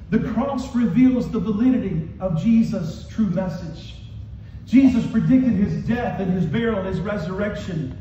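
With a mellow voice that sits high, this man preaches passionately as pastor and calls out to his congregation in a call-and-response style. The setting is a church hall full of people. A little hiss or hum runs under an echoey, distant, muffled recording.

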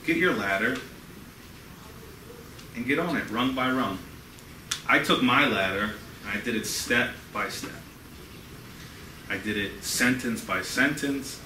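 A man giving an earnest, conversational talk to a class, often checking in with his listeners. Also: fairly low pitch. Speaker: guest speaker. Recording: echoey room from a distance, faint hiss.

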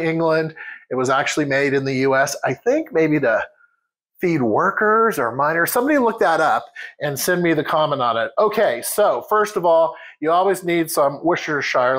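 A man's voice: fairly high pitch, a bit bright, poor audio. A man hosting a home cooking demonstration in a kitchen, chatting casually and addressing viewers as guys.

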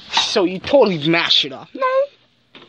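A woman playing out a toy scene aloud and acting out toy characters, jumping suddenly into squeaky voices. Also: fairly bright tone, a little hiss or hum.

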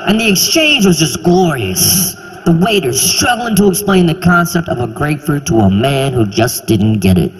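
A man in his twenties performing a stand-up comedy routine, animated and incredulous, sometimes bursting into shouts, on a handheld mic on a theater stage. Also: fairly high pitch, moderate pace, hardly any pauses, background noise. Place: theater stage before a live audience. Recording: reverberant live hall, faint ambience.

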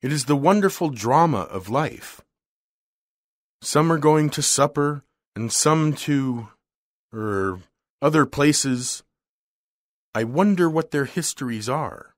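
A man's voice: on the high side, animated, takes it slowly, long pauses, no room sound, studio quality, pitched above the performer's own voice. A man voicing an ordinary young man who speaks politely and hesitantly. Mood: earnest.

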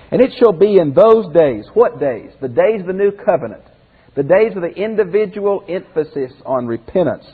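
A male pastor with a fairly high, breathy-edged voice leads a Bible class conversationally, putting questions to the group and restarting phrases as he talks. He's in a classroom or church hall, and the audio is lo-fi and phone-like, echoing through the reverberant room.

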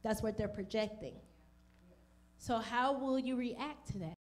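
A woman's voice: on the high side, unhurried. A woman pastor preaching a sermon to an online congregation, asking direct questions and acting out the people in the story. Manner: animated, acts out voices of people in the story.

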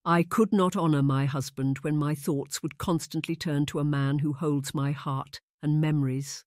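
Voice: mid-range voice, steady tone, normal speed, dry recording, studio quality, lightly acted. Narrator reading a weary, lovesick young lady. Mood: wistful. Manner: hushed, resigned delivery. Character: lovelorn young noblewoman, wistful and weary. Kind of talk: audiobook character reading.

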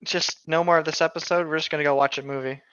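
Chatty podcast cohost, bright sharp voice, dull lo-fi mic, dry. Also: medium pitch, steady tone, quick pace, clear, resonant tone, no echo. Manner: chatty, laughs often, says "like" a lot. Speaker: podcast co-host. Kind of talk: casual podcast chat.

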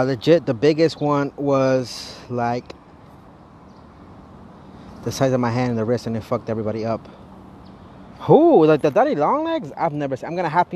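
Man, casual walking vlog, mid pitch, profane and chatty, phone mic, busy street noise behind. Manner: profane, chatty, loud exasperated outbursts. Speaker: vlogger playing a mobile game. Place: outdoors on a city street, walking. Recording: noisy city street, traffic behind.

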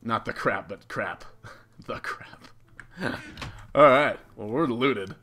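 A man giving casual, excitable commentary over a video game as a YouTube gamer, laughing often and swearing lightly. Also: mid-range voice, slow pace, slight background noise. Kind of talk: live gameplay commentary.

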